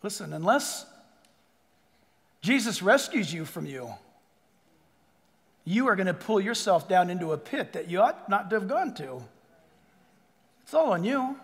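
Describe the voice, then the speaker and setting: A man preaching a sermon to a church congregation, with a rather high voice. He is animated, acting out little voices and then dropping to a hush for emphasis. The sound rings with the long reverb of a big sanctuary. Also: unhurried, pauses often. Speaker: pastor.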